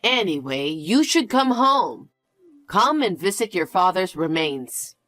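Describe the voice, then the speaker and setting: A woman's voice: fairly low pitch, sing-song, slow, a bit bright, no echo, pitched below the performer's own voice, exaggerated voice. A woman voicing an anxious middle-aged mother who is evasive and accusing, in a dramatized story reading. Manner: flustered, evasive, guilt-tripping.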